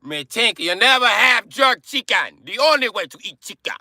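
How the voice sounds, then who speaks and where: A man's voice: extremely high pitch, lively intonation, normal speed, pushed and bright, no room sound, studio quality, pitched above the performer's own voice, exaggerated voice. A man voicing a brash, mocking Jamaican man with a put-on Jamaican accent, taunting and sing-song.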